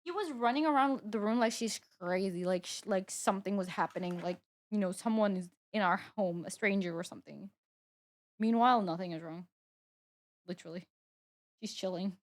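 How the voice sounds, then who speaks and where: A woman's voice: medium pitch, fairly quick. A young woman streaming live, chatting casually as she works and playfully scolding her cat. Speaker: VTuber streamer. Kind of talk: casual livestream chat.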